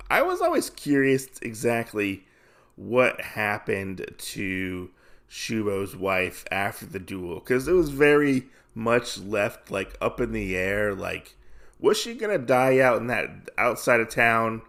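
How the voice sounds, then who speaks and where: A man hosting a podcast, recapping a comic casually with rambling, halting asides. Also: lowish voice, sing-song, vocal fry, fairly bright tone. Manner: rambling, lots of fillers and restarts. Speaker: podcast host.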